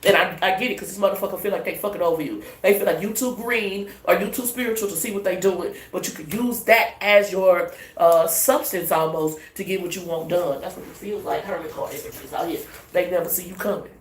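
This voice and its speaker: A woman giving a casual tarot reading in a brash, profane, animated way. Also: fairly low pitch, fairly quick, few pauses, reverberant. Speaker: tarot reader.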